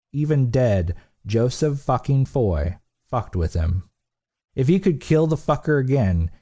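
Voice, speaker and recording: A man narrating an audiobook in a steady, blunt, profane delivery. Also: lowish voice. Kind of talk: scripted narration.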